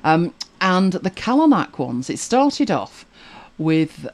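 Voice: mid-range voice, very animated, slow pace. A podcast co-host chatting casually, rambling along with many fillers and restarts. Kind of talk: casual chat about audiobooks.

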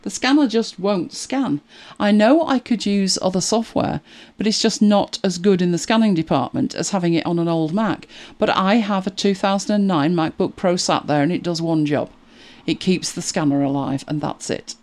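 A middle-aged woman chatting to camera as a video creator, animated and exasperated, laughing at herself. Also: lowish voice, moderate pace, hardly any pauses. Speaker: YouTube creator. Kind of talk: casual chat to camera.

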